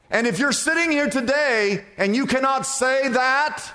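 A man preaching a sermon to a church, with dramatic phrasing that swoops from high to low and falls quiet. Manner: dramatic preaching, drawn-out phrases, sharp drops in pitch and loudness. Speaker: pastor. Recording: long reverb of a church hall.

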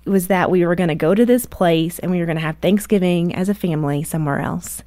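A woman in her thirties, a guest author on a radio interview, telling family stories with lively acted-out voices. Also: fairly low pitch, fast, no room sound. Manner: animated storyteller, acts out voices.

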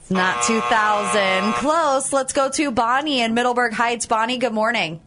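A woman co-hosts a morning radio show from the studio, upbeat and quick to laugh. Her voice sits high, with a little music playing faintly underneath. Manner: bright, quick, laughs easily. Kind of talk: upbeat radio game hosting. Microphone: studio mic.

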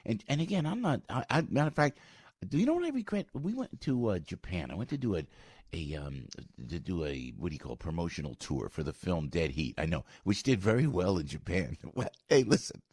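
Older New man, husky low voice, rambling excitable morning radio host, dry studio mic. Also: fairly quick, no room sound. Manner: rambling, excitable, self-interrupting, with sudden high squeaks. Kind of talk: animated talk radio monologue. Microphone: studio microphone.

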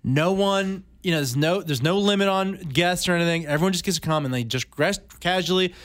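A man with a fairly high voice chats on a podcast, telling stories with a joking edge. He is recorded close on a dry mic with no room sound. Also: fairly quick, fairly bright tone, no room sound. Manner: chatty, jokey storyteller. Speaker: podcast co-host. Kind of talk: casual chat.

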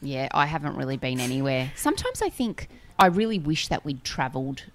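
A woman's voice: rumbling low, sing-song, fairly quick, background noise. A woman, co-hosting a podcast and telling stories in a chatty, self-deprecating way. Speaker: podcast co-host. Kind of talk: casual chat.

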